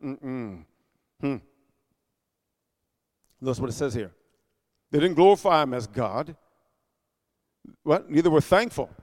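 A man preaching a sermon, calling for responses from the congregation and punching key words loudly. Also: mid-range voice, lively intonation, slow pace, long pauses, long reverb tail. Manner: call-and-response, loud bursts on key words.

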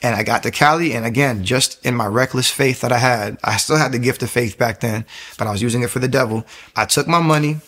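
A man in his thirties giving a personal faith testimony, talking fast, restarting phrases and growing louder and higher at emotional peaks. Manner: fast, rambling storytelling with frequent restarts.

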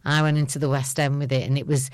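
A woman's voice: very deep voice, level tone, fast, a little mellow, no echo. Older Scouse woman telling stories with laughs. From Liverpool, England. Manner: chatty, laughs often while telling stories. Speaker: guest. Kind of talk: radio interview, anecdotal storytelling.

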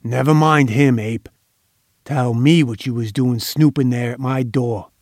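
A man's voice: mid-range voice, steady tone, a little slow, a little mellow, dry recording, studio quality. A man voicing a brutal, menacing male gang boss who bullies and roars. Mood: roaring. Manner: roaring, bullying.

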